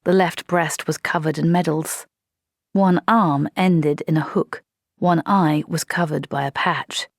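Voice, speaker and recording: A woman reading a comic fantasy audiobook in a steady, measured way. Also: deep voice, creaky, no echo, clean studio sound. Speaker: audiobook narrator. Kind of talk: scripted narration.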